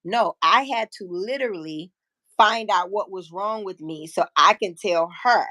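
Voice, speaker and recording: A woman in her fifties hosting a live stream, telling a personal story in a frank, profane, animated way and acting out what people said. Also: medium pitch, unhurried, dry recording. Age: 50s. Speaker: livestream host. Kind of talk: casual storytelling chat.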